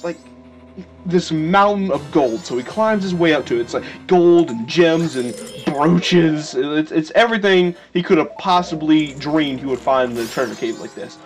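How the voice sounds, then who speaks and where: A young man hosting a game playthrough, rambling and joking with sudden excited yelps. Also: fairly high pitch, moderate pace. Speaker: let's play host. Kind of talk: casual gameplay commentary. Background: faint video game music.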